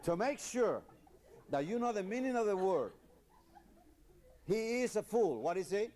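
Man mock-teaching a rowdy comedy lesson. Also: sits high. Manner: deadpan teacherly, slow exaggerated pronunciation drills. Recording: noisy live comedy recording.

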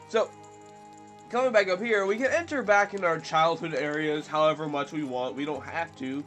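A young man giving casual commentary while playing a video game. He jokes, rambles with fillers, and breaks into loud yelps and screams at scares. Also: on the high side, moderate pace, soft background music. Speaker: let's play commentator. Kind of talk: gameplay commentary.

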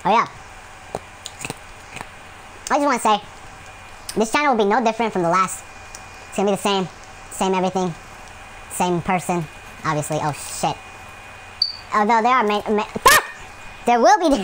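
A man's voice: high-pitched, a bit bright, a little hiss or hum, rough recording. A man giving gameplay commentary at home, rambling with many fillers and breaking into yelps and rants at the game. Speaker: gaming channel host.

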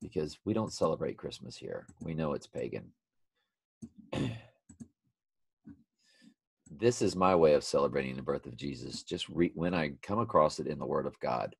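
A man's voice: extremely low pitch, a little slow, gravelly, pauses often, husky, dry recording. A man hosting a daily Bible study, reading scripture aloud and breaking off for earnest, off-the-cuff remarks to his listeners. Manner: reads aloud, then adds off-the-cuff remarks; earnest, addresses listeners as folks and y'all.

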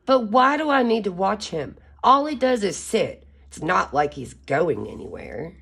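A woman's voice: mid-range voice, sing-song, unhurried, creaky, fairly bright tone, breathy edge, heavily acted. A woman voicing a young boy chick in a storybook, whiny and put-upon about his baby brother.

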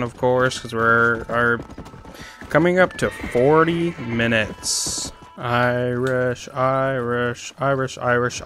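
Crude, bright-voiced male gamer. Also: mid-range voice, slight background noise. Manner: crude, excitable, swears a lot. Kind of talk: let's-play commentary.

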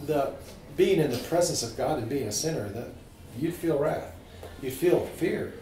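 A man teaching a small group about scripture, informal and animated, asking his listeners questions. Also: a little high, moderate pace, reverberant, far from the mic, slight background noise, poor audio. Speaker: priest teaching a catechism class.

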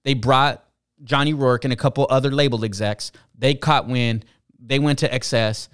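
A man talks in a relaxed, casual way, explaining step by step how an early music deal came together. His voice sits at an ordinary, middle pitch. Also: moderate pace, smooth. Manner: laid-back, explains step by step. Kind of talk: casual chat.

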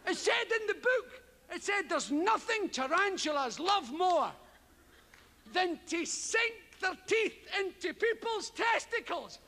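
A man's voice: very high-pitched, slow, big-room sound. A man doing a stand-up comedy routine, swearing freely and acting out the people in his stories. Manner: animated, sweary, acts out voices. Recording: live stage recording with background noise.

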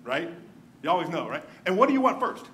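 Male pastor, high-pitched, animated storyteller who drops to hushed tones; faint background noise. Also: very fast. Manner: animated storytelling, dropping to a hushed near-whisper for emphasis. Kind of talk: sermon. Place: church sanctuary.

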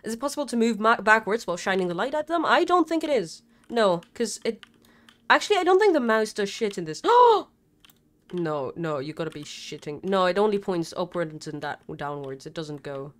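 A young woman streaming a game live. She swears a lot and swings between panicked shrieks and low mumbles. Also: big pitch swings, fairly quick. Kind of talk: live gameplay commentary.

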